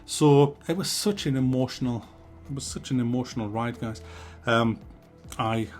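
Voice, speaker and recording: A man in his forties giving a mock-serious, sarcastic and sweary game review. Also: mid-range voice.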